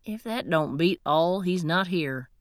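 A busy, gruff cafe man who talks in a hurried, folksy way, as a woman narrator voices him. The voice stays low and close to the reader's own, in a dry recording. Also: animated, dry recording.

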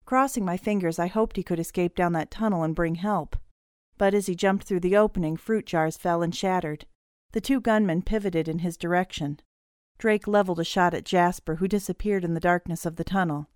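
A woman reading a first-person audiobook story in a steady, clear storytelling manner. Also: fairly low pitch, normal speed, no echo, studio quality. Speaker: audiobook narrator.

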